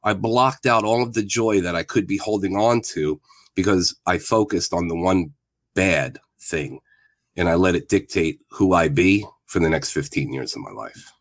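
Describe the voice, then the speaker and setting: A man's voice: low-pitched, moderate pace, no room sound. A man in his fifties, a guest telling a candid personal story in a plain-spoken, reflective way. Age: 50s.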